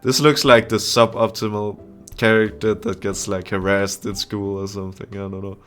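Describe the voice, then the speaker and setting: A man's voice: lowish voice, flat delivery, normal speed, fairly bright tone, smooth, faint music behind. A young man playing through a visual novel in a casual let's-play, reading the text aloud and adding crude, joking asides. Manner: reads the game text aloud, with frequent laughs and crude asides.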